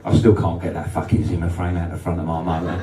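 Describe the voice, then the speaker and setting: Fast-talking and brash, this English comedian swears his way through a stand-up set in a small club function room, his pitch swinging lively as the crowd laughs. The sound is roomy and distant, with a little hiss or hum.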